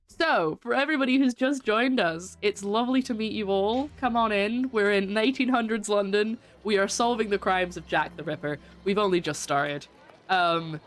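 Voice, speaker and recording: A woman variety streamer chatting casually with her viewers while playing a game, welcoming and laughing often. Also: medium pitch. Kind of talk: casual live-stream chat while gaming.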